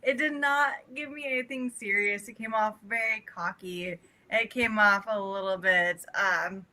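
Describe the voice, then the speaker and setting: A woman guest on a podcast in casual chat, relaxed and chatty with fillers. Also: medium pitch, normal speed, few pauses.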